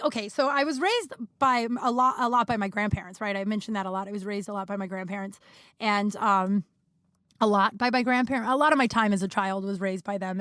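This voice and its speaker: A woman's voice: mid-range voice, a bit bright, no echo, clean studio sound. A young woman hosting a podcast, telling rambling stories in casual chat, with plenty of fillers and swearing. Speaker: podcast host. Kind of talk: casual storytelling monologue.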